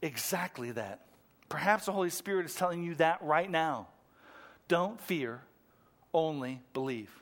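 A man preaching a sermon in a church, swinging from excited emphasis to hushed intensity. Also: a little high, unhurried, long pauses. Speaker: pastor. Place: church room.

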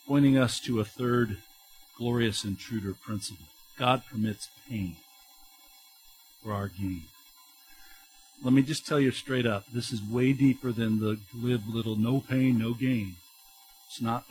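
A middle-aged pastor with a mid-range voice preaches to his congregation, animated and conversational, with emphatic rises and quick restarts. There is slight background noise.

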